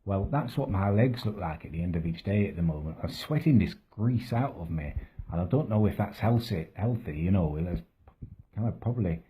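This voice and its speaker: An actor playing a crude, self-pitying middle-aged bloke who talks to camera in a rambling, matter-of-fact deadpan, muttering asides under his breath. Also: low voice, normal speed, slight background noise. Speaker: comedy vlogger character. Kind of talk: deadpan comic monologue to camera.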